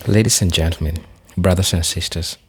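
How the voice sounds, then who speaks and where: Kenyan man, very deep voice, speech-style delivery. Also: fairly even intonation, fairly quick, breathy edge. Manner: oratorical, repetitive emphasis. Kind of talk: motivational address.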